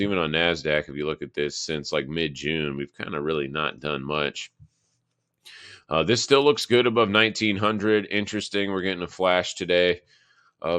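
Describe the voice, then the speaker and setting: A man's voice: deep voice, fairly bright tone, clean tone, no echo. A man hosting a live market analysis stream, rambling casually and thinking aloud while he reads charts.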